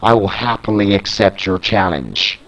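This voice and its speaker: A man reading out the slow, boastful trash talk of a cocky male wrestler in his own low voice. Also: big pitch swings, a bit bright, full character voice, low-quality recording.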